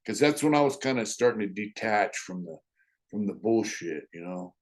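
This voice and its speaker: A middle-aged man with a slightly low voice tells old prison stories in a relaxed, unhurried way. His talk is blunt and full of street slang, with "you know" and "uh" everywhere and small chuckles in between. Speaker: storyteller, former prisoner. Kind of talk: casual storytelling.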